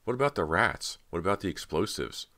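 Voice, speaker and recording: A man voicing a nervous, emotional teenage girl, his voice lifting higher as she pleads. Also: lively intonation, brisk, sharp tone, heavily acted. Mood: pleading. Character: anxious teenage girl, eager and yearning.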